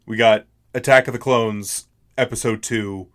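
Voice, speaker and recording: A man's voice: lowish voice, fairly even intonation, a little slow. A young man co-hosting a podcast, chatting casually and laughing often. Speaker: podcast co-host. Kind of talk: casual chat.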